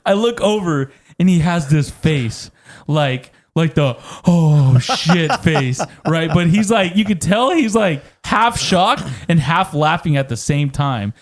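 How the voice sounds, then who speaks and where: A podcast co-host with a slightly high voice takes his time, telling humorous stories in an easygoing conversation. His delivery is animated, sprinkled with constant laughter and free swearing.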